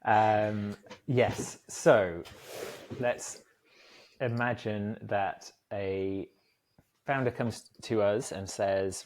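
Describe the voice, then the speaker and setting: A man's voice: fairly low pitch, fairly even intonation, extremely slow, darkish tone, slight background noise. A man hosting a casual podcast, chatty and rambling, laughing easily as he talks. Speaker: podcast host, agency co-founder.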